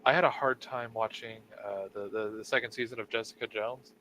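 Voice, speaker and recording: A man's voice: fairly low pitch, fairly even intonation, a little fast, pushed and bright, a little hiss or hum, low-quality recording. A man co-hosting a casual podcast chat, talking hesitantly with many fillers. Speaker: podcast co-host.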